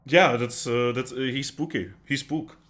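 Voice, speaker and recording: A man playing in a tabletop game, talking in a casual, expressive way. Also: mid-range voice, normal speed. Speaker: player.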